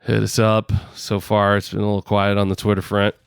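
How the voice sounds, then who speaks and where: Gravelly-voiced man rambling on a podcast. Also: on the low side, completely flat delivery, fairly quick, dry recording, clean studio sound. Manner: rambling, laughs often, fillers. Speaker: podcast co-host. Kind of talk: casual podcast chat. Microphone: headset.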